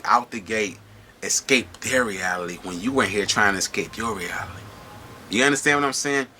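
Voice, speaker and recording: Lively, slangy man telling prison stories. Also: mid-range voice. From Michigan. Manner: animated, slangy, keeps checking in with listeners. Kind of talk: casual storytelling to camera.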